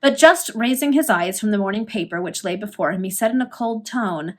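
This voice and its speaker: A woman reading a Victorian serial novel aloud, storytelling with lively emphasis. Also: medium pitch, a little fast, hardly any pauses. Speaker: reader.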